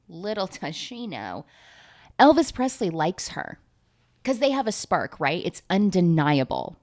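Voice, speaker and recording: Fast, profane woman gushing a movie recap. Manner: fast, animated, profane, with big comic pitch jumps. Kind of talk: casual chat.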